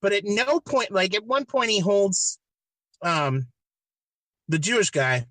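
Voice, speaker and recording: A man's voice: sits high, very animated, takes it slowly, a bit bright, no echo. A man hosting a podcast, retelling a movie plot in a casual, rambling, profane way with many restarts. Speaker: podcast host.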